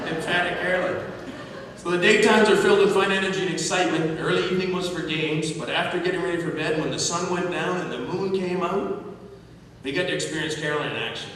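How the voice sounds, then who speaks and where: A middle-aged man giving a memorial tribute, telling family anecdotes with gentle humor. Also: on the high side. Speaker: eulogist. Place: large hall at a memorial service. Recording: echoey hall from far off, noisy.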